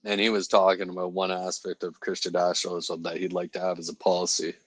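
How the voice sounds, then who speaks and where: A young man chats loosely with his stream audience, laughing between remarks and answering the chat as he goes. He speaks into a phone mic with a lowish voice, and the sound is dry, with little room echo. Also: completely flat delivery, quick pace, a bit bright, slightly rough. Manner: chatty, laughs often, reads and answers chat. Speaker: stand-in stream host. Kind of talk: casual live-stream chat. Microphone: phone microphone.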